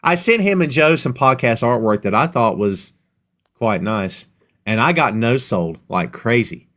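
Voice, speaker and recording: A middle-aged man hosting a casual podcast. His pitch swings widely and jumps up when he gets excited, so the delivery stays animated. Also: a little slow. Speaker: podcast host.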